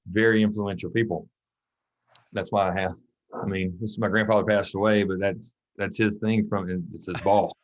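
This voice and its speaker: Male coach guest, low-voiced, lively storyteller who acts out quotes, from Mississippi, lo-fi podcast audio. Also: moderate pace. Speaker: guest, track and football coach. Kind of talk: casual storytelling interview.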